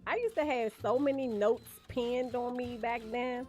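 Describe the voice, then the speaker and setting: A woman's voice: fairly high pitch, unhurried, darkish tone, faint music behind. A woman streaming a game, chatting casually with viewers and laughing often. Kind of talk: casual livestream chat while gaming.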